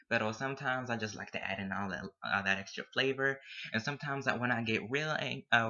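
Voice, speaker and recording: Bright, sharp-toned young man. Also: mid-range voice, quick pace. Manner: playful, drops Spanish words into English. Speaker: student. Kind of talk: casual monologue to camera. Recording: dull lo-fi recording.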